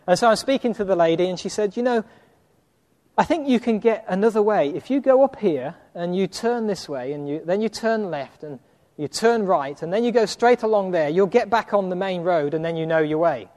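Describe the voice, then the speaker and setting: High-voiced man telling a sermon story. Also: a little fast, big-room sound. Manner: animated anecdote with acted quotes and laughter. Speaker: preacher.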